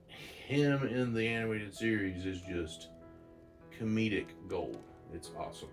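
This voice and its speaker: Low-voiced man retelling a comic. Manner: rambling, excited retelling with restarts. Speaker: comic book reviewer.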